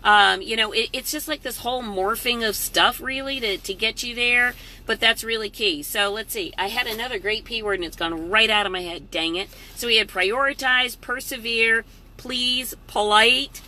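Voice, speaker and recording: A woman's voice: a little high, moderate pace, bright, forceful tone, slight background noise. A middle-aged woman hosting a casual live-stream from her parked truck, chatty and motivational. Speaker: vlog host. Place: parked truck at a rest area.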